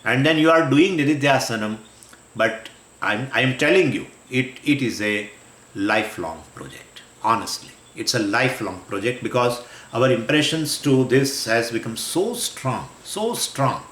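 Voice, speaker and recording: A man teaching a scriptural lecture on Vedanta, explaining patiently, repeating phrases and pausing with fillers and restarts. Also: medium pitch, expressive, a bit bright, echoey room, a little hiss or hum.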